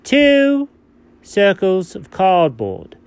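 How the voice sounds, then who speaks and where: A man playing a scatterbrained, excitable male buddy in comedy banter, jumping between low mumbles and sudden high yelps. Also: moderate pace. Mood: goofy. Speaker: co-host.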